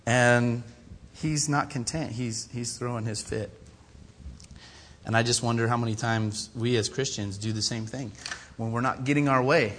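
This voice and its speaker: A man delivering an animated sermon, his voice bright and forceful. He tells stories that poke fun at himself and acts out the people he quotes in their own voices. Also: mid-range voice, moderate pace, slight background noise. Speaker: pastor. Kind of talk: storytelling sermon.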